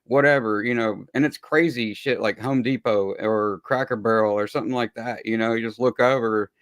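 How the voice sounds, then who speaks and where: A man's voice: fairly low pitch, fairly even intonation, normal speed, dry recording. A man hosting a podcast, talking in a rambling, laid-back way and swearing freely. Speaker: podcast host. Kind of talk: casual interview chat.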